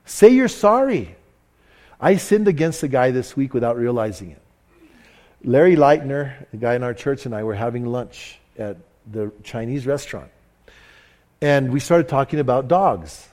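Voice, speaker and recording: A man's voice: mid-range voice, normal speed, darkish tone. A man preaching a sermon in church, telling a story animatedly and mocking himself, with frequent restarts. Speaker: pastor. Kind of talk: sermon with anecdote. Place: church service.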